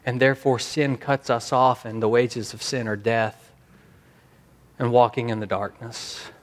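Male pastor, mid-pitched, earnest sermon delivery, slows and swells for emphasis. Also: level tone.

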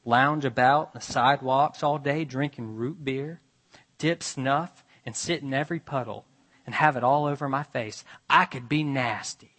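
A man preacher voicing an indignant, proud older farm woman who shouts angry rhetorical questions at God. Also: mid-range voice, unhurried, long reverb tail. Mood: growling.

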